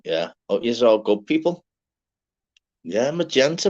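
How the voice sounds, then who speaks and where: A man hosting a live stream, giving rambling, swear-filled shout-outs to listeners in a casual chat. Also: mid-range voice, very animated, a little slow, pauses often. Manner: chatty, swears freely, rambling. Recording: dull lo-fi sound.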